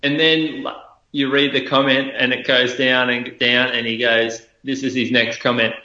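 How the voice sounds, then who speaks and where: A man co-hosts a casual podcast, his voice bright and forward. He tells his stories with animated, mocking impressions. The recording is roomy and a little dull. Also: mid-range voice, normal speed. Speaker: podcast co-host.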